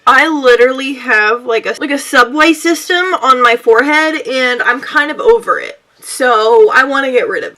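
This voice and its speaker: Young woman doing a chatty makeup vlog, kinda high bright voice, rambly and goofy about herself. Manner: rambling, bubbly, self-mocking. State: sweaty and out of breath. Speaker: beauty vlogger.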